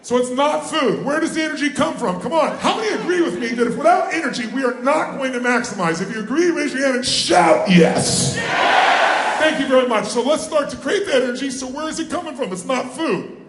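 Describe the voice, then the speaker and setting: A man giving a live motivational seminar talk, energetically calling on the crowd to answer and shout back. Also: very high-pitched, fairly quick, very noisy. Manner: energetic, calls on the crowd for responses. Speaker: motivational speaker. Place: large hall with a live audience. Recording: roomy hall sound.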